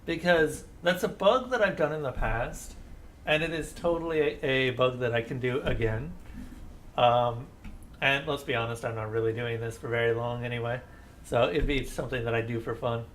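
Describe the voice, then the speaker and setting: A man's voice: mid-range voice, moderate pace, a little hiss or hum. A young man streaming a game, chatting casually with rambling asides and sarcastic talk-back to the characters. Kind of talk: casual live-stream chat over gameplay.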